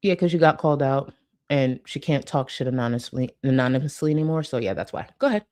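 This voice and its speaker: A woman's voice: very deep voice, animated, quick pace, a little mellow. A woman hosting a commentary channel, reacting to clips with a sassy, mocking rant and talking back at them.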